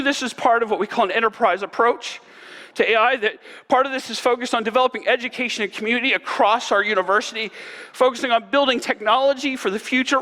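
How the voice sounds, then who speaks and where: High-voiced man giving a keynote in a hall. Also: bright, forceful tone. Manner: earnest, often adds "right?". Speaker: conference keynote speaker. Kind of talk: keynote presentation. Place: large conference hall. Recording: long hall reverb.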